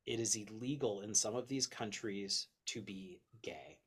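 Excitable, husky-voiced male podcast host. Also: on the low side, measured pace. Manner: excitable, swears freely, reads lists aloud. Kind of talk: casual podcast chat.

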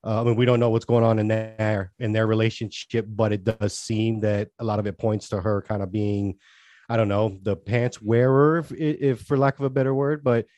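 A man's voice: fairly low pitch, flat delivery, normal speed, a little mellow, no echo. A man co-hosting a casual podcast chat, talking in long earnest rambles that trail off and restart. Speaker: podcast co-host.

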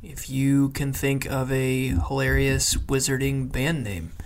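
A man's voice: mid-range voice, flat delivery, slow pace. A man co-hosting a casual podcast, loose and joking, inviting listeners to call in. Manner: loose and joking, with many fillers. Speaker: podcast co-host.

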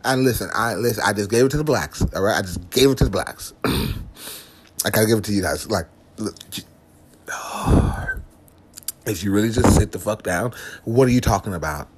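A man's voice: fairly low pitch, animated, brisk, a little hiss or hum. A man ranting to the camera in a profane comic vlog, with lots of swearing, restarts and asides. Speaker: vlogger.

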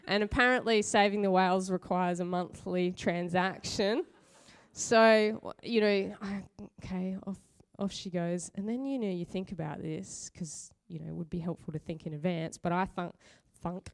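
A woman's voice: mid-range voice, smooth. A middle-aged woman preaching a conversational sermon full of personal stories. She chats, laughs often and pokes fun at herself. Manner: chatty, laughs often, self-mocking.

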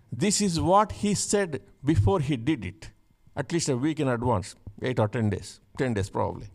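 A man's voice: mid-range voice, animated, normal speed, vocal fry, few pauses. A male pastor preaching a fervent sermon, repeating key phrases for emphasis.

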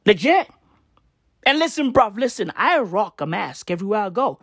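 A woman's voice: medium pitch, sing-song, moderate pace, slightly rough, no echo, studio quality. A young woman, ranting in slangy, profane commentary and repeating tag questions. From South Africa. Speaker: vlogger.

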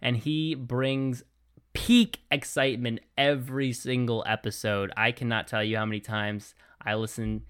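Male podcast co-host, mid-range voice, easygoing and rambly, quick to laugh. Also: medium pitch, flat delivery, fairly bright tone, clear, resonant tone. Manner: laid-back, rambling, laughs often. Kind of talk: casual podcast chat.

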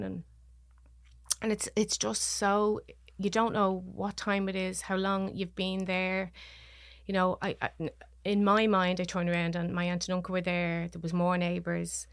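A woman with a Dublin Irish accent, a podcast guest telling a personal story in halting, restarting sentences and voicing what others said. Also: on the low side, completely flat delivery, gravelly, dry recording, clean studio sound. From Ireland. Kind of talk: personal story told in conversation.

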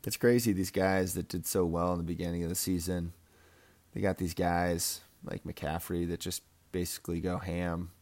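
A man's voice: deep voice, flat delivery, moderate pace, a little mellow. A young man giving a casual, rambling fantasy football recap, full of trash talk and laughter. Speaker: fantasy football league member.

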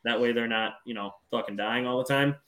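A man's voice: mid-range voice, brisk. Casual rambling man on a podcast. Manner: relaxed, rambling, frequent ums. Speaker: podcast co-host. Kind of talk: casual wrestling podcast chat.

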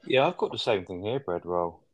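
Male podcast co-host, very low voice, relaxed and rambly. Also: moderate pace. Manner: laid-back, rambling anecdotes. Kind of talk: casual film podcast chat.

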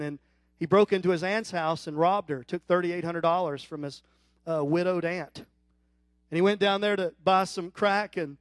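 A middle-aged man preaching a sermon in a church, telling stories that climb to loud, animated peaks. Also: high voice, no echo, clean studio sound. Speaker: guest preacher.

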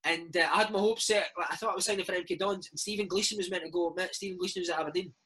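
A man's voice: high voice, fairly even intonation, very fast, pushed and bright, breathy edge, rough recording. A Scottish man in his thirties, a former footballer telling stories in a casual interview, dropping "mate" and "eh" all the time. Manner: chatty, peppers speech with "mate" and "eh".

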